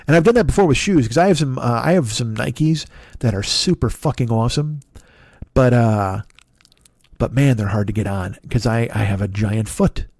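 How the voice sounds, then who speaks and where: A man's voice: mid-range voice, vocal fry, darkish tone, dry recording, studio quality. A man in his fifties giving a rambling, self-deprecating comic monologue, swearing often and restarting sentences. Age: 50s. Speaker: comedian and podcast host.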